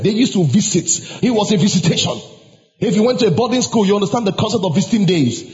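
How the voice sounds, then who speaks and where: A man preaching a sermon as pastor, emphatic and now and then shouting or singing out lines. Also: sits high, lively intonation, quick pace. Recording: dull sound with long hall reverb.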